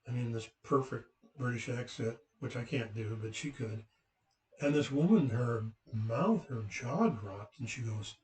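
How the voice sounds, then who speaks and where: A man's voice: medium pitch, animated, measured pace, a little mellow. A man from the West Coast telling a casual, rambling family story as a father, with lots of fillers and restarts. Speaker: father recounting family memories. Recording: roomy, from a distant mic.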